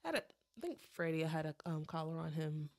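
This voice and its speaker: Low-voiced woman chatting on a pet podcast. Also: sing-song, fairly quick. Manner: chatty, trails off with ums and restarts. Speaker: podcast co-host. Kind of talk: casual chat.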